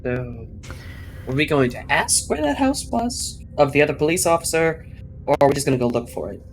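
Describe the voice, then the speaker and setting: Man, tabletop player, joking, brisk, fairly high voice. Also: very animated, soft background music.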